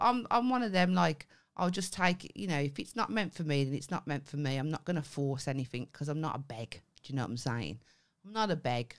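Lively woman telling stories. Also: low-pitched. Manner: animated, acts out quoted lines, swears freely. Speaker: comedian podcast co-host. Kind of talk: casual storytelling chat.

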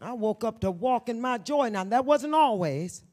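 A woman in her sixties, an author guest on stage at a live book event, addresses the audience in a brash, profane, stand-up style, swinging from shouts to hushed near-whispers. Her fairly high voice is expressive at a normal speed, with faint audience murmur and laughter in the background.

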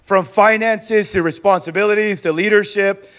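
High-voiced man teaching a sermon. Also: moderate pace. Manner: lively, acts out little dialogues. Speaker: pastor teaching a discipleship school.

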